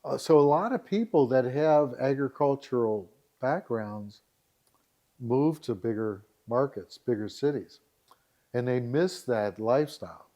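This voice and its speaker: A man's voice: medium pitch, lively intonation, measured pace, dark tone. A man as a podcast guest, chatting casually and telling stories, often laughing. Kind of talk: casual storytelling chat.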